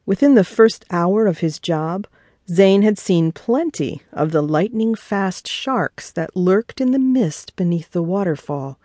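A woman, the author, narrating her own children's audiobook in a measured way. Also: fairly low pitch, animated, warm tone, no room sound, clean studio sound. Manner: slow, measured reading.

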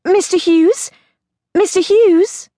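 Flustered former detective woman voiced by the woman narrator. Hushed, hesitant answers. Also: extremely high pitch, wildly swooping pitch, takes it slowly, no room sound, studio quality, pitched above the performer's own voice, heavily acted.

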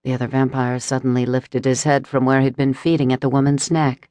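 Lady reading a vampire romance audiobook, steady and dramatic, dry close mic. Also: rumbling low, a little fast, hardly any pauses, no room sound. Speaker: audiobook narrator. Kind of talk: scripted audiobook narration.

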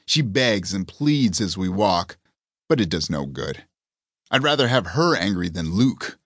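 A man with a lowish voice reads a first-person fantasy audiobook. His telling is wry and even. The recording is dry, close and without room sound. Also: measured pace, dry recording. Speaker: audiobook narrator.

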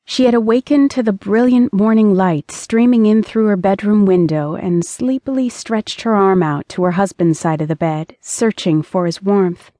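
Mellow woman narrating an audiobook. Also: medium pitch, moderate pace, few pauses, no echo.

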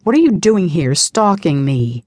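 A woman voicing a small, flustered young female student who pleads in a higher voice. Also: sing-song, measured pace, warm tone, husky, no echo, full character voice.

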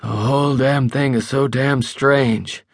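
A man's voice: mid-range voice, fairly even intonation, slow, gravelly, dry recording, clean studio sound, voice pushed up. A male narrator playing a tipsy, stubborn older political fixer who rambles with backslapping bluster. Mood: boozy.

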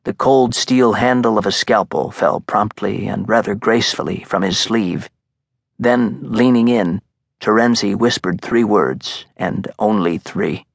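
A man reading a thriller audiobook in a measured, suspenseful narration. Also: lowish voice, gravelly, breathy edge, dry recording. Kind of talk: scripted narration. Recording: dry, close studio sound.

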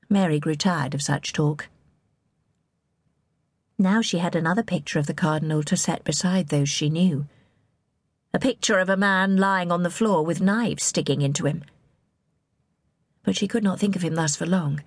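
Husky-voiced woman narrating a story. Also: fairly low pitch, no echo. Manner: expressive storytelling. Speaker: audiobook narrator. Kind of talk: scripted narration.

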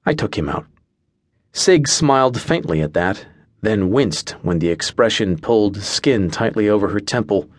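A man's voice: fairly low pitch, no echo. A man narrating a first-person fantasy audiobook in a wry, dry storytelling manner.

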